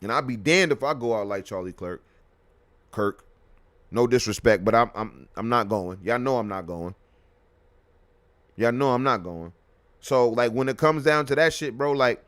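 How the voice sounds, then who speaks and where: Heated, profane man ranting on a podcast. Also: no room sound. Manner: swings between loud outbursts and low muttering. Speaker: podcast host. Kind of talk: live podcast rant.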